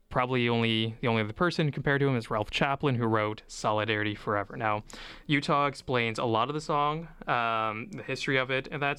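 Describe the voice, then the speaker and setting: A man's voice: medium pitch, pushed and bright, clean tone, no echo. A man from the United States, a podcast guest, explaining history in an earnest, informative way.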